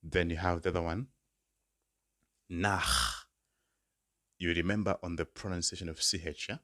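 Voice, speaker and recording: A man tutoring a language lesson, patiently repeating each word slowly for learners. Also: sits low, steady tone, fairly bright tone, no room sound, clean studio sound. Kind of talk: spoken lesson.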